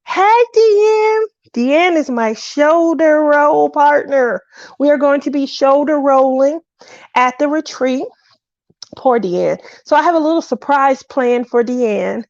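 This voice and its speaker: A middle-aged woman hosts a craft livestream, and her voice sits a little high with a gravelly edge. She rambles and laughs easily as she chats. The sound is dull, lo-fi and dry. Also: a little mellow, no echo. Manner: chatty, rambling, laughs often. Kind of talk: casual livestream chat.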